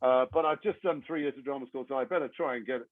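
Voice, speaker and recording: An English actor being interviewed, telling long rambling anecdotes with self-deprecating humor. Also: male voice, medium pitch, fast, dry recording. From England. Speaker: actor guest. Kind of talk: interview storytelling. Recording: tinny phone-like line, dry.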